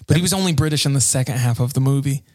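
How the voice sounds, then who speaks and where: A man co-hosting a casual podcast chat, animated and repeating words as he starts a thought. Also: medium pitch, racing. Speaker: podcast co-host.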